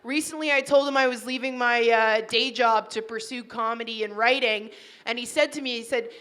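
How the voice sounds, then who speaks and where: Woman stand-up from Toronto, higher, bright and punchy, chatty crowd work on a mic. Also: fairly even intonation, fairly quick. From Toronto, Canada. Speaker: stand-up comedian. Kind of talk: stand-up comedy set. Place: wedding reception hall.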